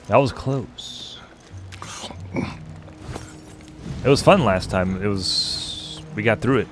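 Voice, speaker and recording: Over background music, a man streams a co-op game and rambles casually to his partner as he plays. He has a fairly low pitch, draws out his words, and pauses often.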